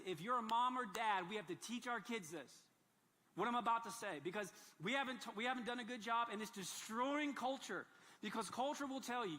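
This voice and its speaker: Man, pastor, sermon, high bright voice, animated and emphatic, long church-hall reverb. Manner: animated, swings from soft asides to loud emphatic bursts.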